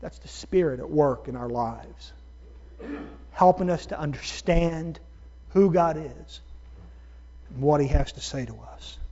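A man with a high, light voice preaches with emphatic, drawn-out stresses, addressing his congregation as folks. The recording sounds dull and lo-fi. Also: dark tone, breathy edge. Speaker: pastor. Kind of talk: sermon.

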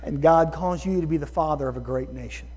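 A man preaching a sermon, moving from calm teaching to loud, excited preaching. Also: on the high side, a little fast, husky. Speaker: pastor. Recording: dull sound with long hall reverb.

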